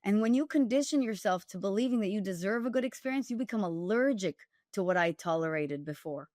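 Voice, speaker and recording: A woman's voice: medium pitch, expressive, brisk, darkish tone, no echo, clean studio sound. A woman dating coach and author, speaking directly and emphatically as a guest, with wry humor. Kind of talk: candid storytelling interview.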